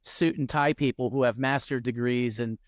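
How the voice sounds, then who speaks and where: A man co-hosting a podcast, telling stories in a lively, animated way with quick restarts. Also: medium pitch, no room sound, studio quality. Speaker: podcast co-host. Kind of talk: casual interview chat.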